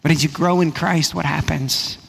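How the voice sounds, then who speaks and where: A man, a pastor, preaching a sermon in a conversational way, repeating phrases and dropping to a hush for emphasis. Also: fairly high pitch, steady tone, gravelly, slight background noise. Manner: conversational preaching with frequent repetition and "right?" asides; drops to a hushed, slow voice for emphasis.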